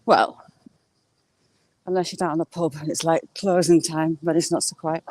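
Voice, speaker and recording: A woman's voice: low voice, fairly even intonation, moderate pace, a little mellow, slight background noise. A middle-aged woman with a mixed Yorkshire, Geordie and Cumbrian accent, chatting casually to viewers on a live-stream while she walks outdoors through rural fields. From northern England. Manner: chatty, rambling, answers viewers' comments. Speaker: vlogger live-streaming a walk.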